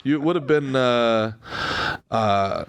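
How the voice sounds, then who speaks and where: A man's voice: medium pitch, slow, slight background noise. A man co-hosting a podcast in a studio, bantering casually and rambling with jokes. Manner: joking, rambling banter with sound-effect noises. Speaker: podcast co-host.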